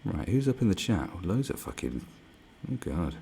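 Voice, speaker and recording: A man's voice: low voice, very animated, moderate pace, creaky, mellow, slight background noise. Sweary man ranting on a livestream. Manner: profane, sarcastic ranting. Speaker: livestream host. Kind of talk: livestream rant.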